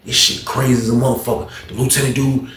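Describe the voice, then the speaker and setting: Guy telling a wild story, jumps loud for the voices then goes hushed, kinda echoey room. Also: medium pitch, level tone, quick pace. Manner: acts out every character with loud raised voices, drops to hushed asides. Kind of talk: animated casual storytelling.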